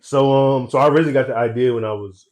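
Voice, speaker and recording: A young man talking as a guest in a casual interview, relaxed and laughing often, with easygoing slang. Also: medium pitch, very fast. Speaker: guest, eyewear brand founder.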